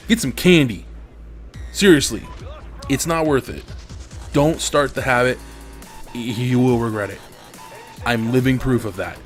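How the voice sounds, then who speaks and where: A man venting with lots of swearing while commenting over his gameplay. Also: mid-range voice. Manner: profane, venting, angry. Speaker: gaming commentator.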